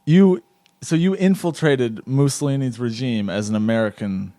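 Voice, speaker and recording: A man's voice: medium pitch, moderate pace, mellow. A man hosting an improvised comedy podcast interview, rambling and stammering, often cracking up. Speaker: podcast host.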